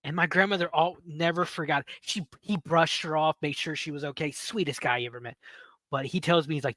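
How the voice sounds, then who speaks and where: A man in his thirties, a podcast host, telling a story in a casual, animated way, swearing and laughing as he goes. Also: fairly high pitch, brisk, no room sound. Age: 30s.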